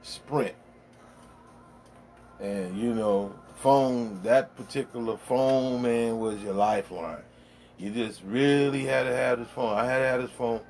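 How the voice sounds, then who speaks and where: A middle-aged man rambles bluntly in a casual home vlog, swearing freely as he talks. His voice sits at an ordinary middle pitch. A faint ambient hum runs behind him. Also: a little mellow. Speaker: vlogger.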